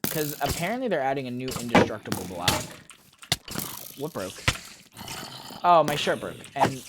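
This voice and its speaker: A young American man with a mid-range voice and big pitch swings chats casually on a gaming stream at a moderate pace, rambling and joking as he answers his chat. Heavy background noise fills the recording, including loud keyboard typing and mouse clicks.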